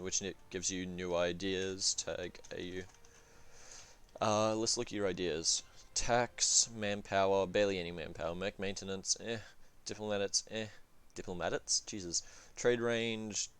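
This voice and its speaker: Low-voiced man rambling through a game review. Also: clear, resonant tone. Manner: rambling, profane, full of fillers and self-corrections. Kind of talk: casual strategy game commentary.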